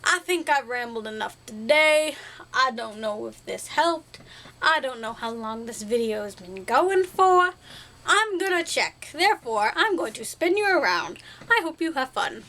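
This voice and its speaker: A young woman rambles to her camera in a high voice, chatty and goofy, tossing in made-up words and laughing at herself. Her tone is bright and sharp, and she talks like she is catching up with friends. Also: sing-song, unhurried. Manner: chatty, silly, self-deprecating, playful made-up words. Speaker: vlogger. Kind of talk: casual rambling to-camera vlog.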